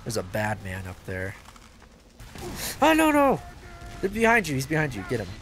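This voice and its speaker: A man giving casual, excitable gameplay commentary as a video host, swearing and joking to himself. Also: lowish voice, quick pace, slight background noise. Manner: excitable, yells and swears at the game; jokey self-talk.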